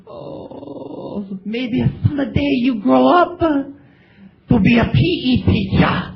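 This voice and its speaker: A man's voice: very high-pitched, lively intonation, slow pace, gravelly, pauses often, a little hiss or hum. A male comedian doing a wailing, mock-crying radio bit. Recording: dull radio recording with crowd.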